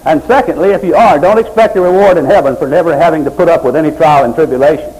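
A middle-aged male pastor preaching a sermon, swinging from loud, high exhortation to low, quiet pleading. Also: fast talker, low-quality recording.

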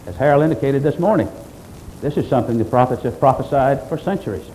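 A male pastor delivers a sermon in an emphatic, driving manner, leaning on repeated phrases. His voice is mellow and of middle pitch. Faint noise sits behind it. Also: lively intonation, fast talker, rough recording. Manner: emphatic preaching with repetition.

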